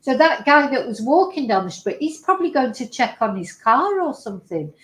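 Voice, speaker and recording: A woman's voice: sits high, sing-song, a little fast, echoey room, poor audio. A woman, chatting casually as she talks through video clips and translates what is said in them. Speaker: host reacting to videos.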